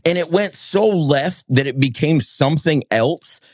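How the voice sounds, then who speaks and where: Sharing a frank personal story, this middle-aged pastor and podcast co-host from New England alternates between low somberness and high, exasperated outbursts. His intonation is lively, his pace measured, and there's no echo.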